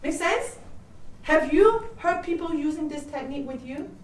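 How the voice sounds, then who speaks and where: An older woman leads a soft-skills seminar in a high, light voice, checking in with the room through constant questions. She is heard from a distance in an echoey room. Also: expressive, moderate pace, slight background noise. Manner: coaching, peppers with "right?" and questions to the audience. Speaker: workshop speaker.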